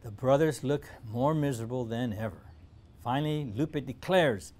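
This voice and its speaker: A man reading a children's storybook aloud, animated, with dramatic pauses. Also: mid-range voice.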